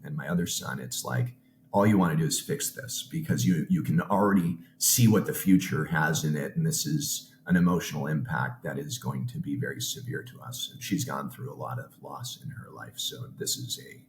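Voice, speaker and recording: Podcast guest: very low-voiced man, earnest personal storyteller, recorded in an echoey room. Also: slight background noise. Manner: earnest, halting, frequent restarts. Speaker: podcast guest, business owner.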